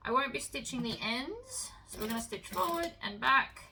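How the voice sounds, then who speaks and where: A woman hosting a sewing tutorial, talking through each step in a relaxed, chatty way with the odd um and uh. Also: sits high, moderate pace, background noise. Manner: relaxed, chatty instruction with fillers.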